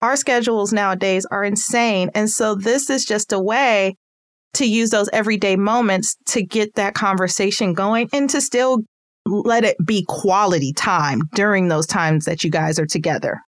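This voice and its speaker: A woman's voice: medium pitch, moderate pace, dry recording, clean studio sound. A mother giving casual parenting tips, chatty and laughing easily as she acts out little scenes. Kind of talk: casual advice talk.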